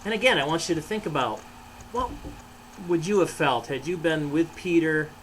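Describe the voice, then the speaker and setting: A pastor reading a children's story aloud in the first person, expressive and sometimes hushed, and speaking directly to children. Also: male voice, on the high side, moderate pace, slight background noise, poor audio.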